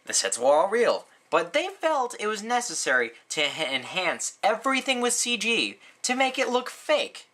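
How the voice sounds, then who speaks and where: Animated rambling young man reviewing a film. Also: normal speed, few pauses. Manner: rambling, full of "like" and "um", sarcastic asides; animated, frequent jumps in pitch. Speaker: movie reviewer. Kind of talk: casual movie review vlog.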